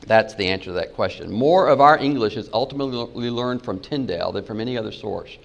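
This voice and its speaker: Guy teaching bible stuff, reads verses slow and quiet then gets all emphatic. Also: fairly low pitch, gravelly, muffled recording. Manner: reads verses slowly and softly, rising to emphatic points. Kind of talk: spoken lecture with scripture readings.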